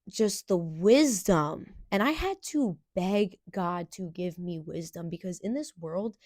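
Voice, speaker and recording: A young woman hosting a podcast, telling a personal story in an earnest, halting way with restarts. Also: on the low side, a little mellow, dry recording, clean studio sound. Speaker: podcast host.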